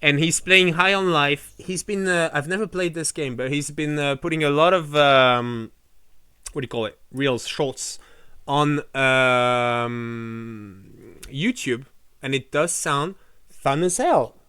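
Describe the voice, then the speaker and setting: A man's voice: on the high side, takes it slowly, bright, forceful tone, clean tone, no room sound, studio quality. A man from France, talking casually and with passion to his live-stream chat, swearing often and restarting his sentences.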